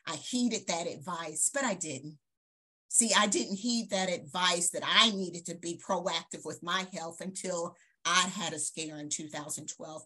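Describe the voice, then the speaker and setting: Lively bright-voiced woman in her fifties. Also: lowish voice. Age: 50s. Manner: animated, emphatic speaker. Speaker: program host. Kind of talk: live talk.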